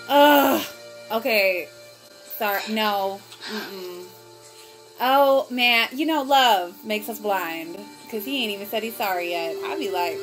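A woman hosting a TV reaction video, talking back to the screen in an expressive, exclaiming way. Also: medium pitch, slow, over music. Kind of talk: casual TV reaction commentary. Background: TV episode audio playing.

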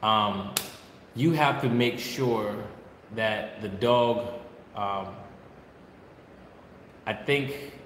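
A man who breeds dogs, talking casually and bluntly, scolding viewers and repeating his points. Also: lowish voice. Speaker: dog breeder. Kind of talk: casual vlog talk. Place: kennel with dogs barking behind. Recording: echoey room, noisy background.

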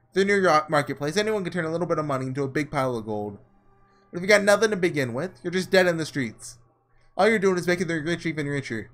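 Guy reading as a blunt scornful slum dude, slangy and mocking, lively up and down. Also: fairly high pitch. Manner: slangy, mocking, gruff drawl. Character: scornful young man from the slums, blunt.

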